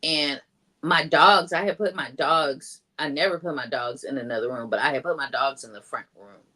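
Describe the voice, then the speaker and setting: A deep, sharp-toned female voice at normal speed belongs to a guest telling her personal story. She's chatty, says "like" constantly, and raises her volume when acting out others' lines.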